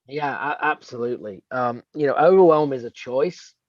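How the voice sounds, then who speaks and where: A man's voice: medium pitch, normal speed, dry recording, highs cut off. A man co-hosting a coaching talk, explaining earnestly with examples and rhetorical questions. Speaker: real estate coach and co-host.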